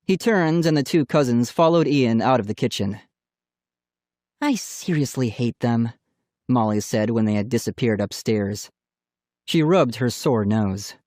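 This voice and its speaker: A man narrating a children's audiobook in a plain, steady storytelling voice. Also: medium pitch, moderate pace, no echo, studio quality.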